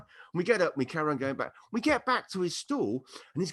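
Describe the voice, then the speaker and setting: A middle-aged man on a podcast, speaking a little high and slightly rough, tells a funny story fast with hardly any pauses. He's an animated guest, laughing and acting out quotes in casual storytelling chat.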